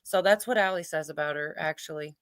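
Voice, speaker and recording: A woman's voice: deep voice, fairly bright tone, smooth, no echo. Chatty woman in a dry close mic. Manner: quick, chatty, trails off. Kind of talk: casual group chat.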